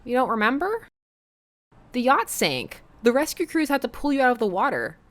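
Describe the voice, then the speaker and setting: A woman's voice: big pitch swings, moderate pace, fairly bright tone. A woman doing a chirpy teenage daughter. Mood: cheerful. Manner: high, chirpy, eager.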